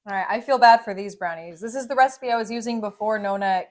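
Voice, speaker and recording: A woman's voice: medium pitch, fast talker. Good-humoured woman baker. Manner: laughs often, and defends her recipes with good humour. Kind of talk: casual on-camera chat.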